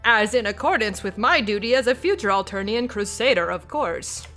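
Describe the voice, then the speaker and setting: Woman doing a nerdy alien aviator boy, grandiose old-radio announcer delivery, bright tone. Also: medium pitch, expressive, normal speed, soft background music, close to an everyday voice. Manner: old-timey radio announcer voice, flowery and theatrical.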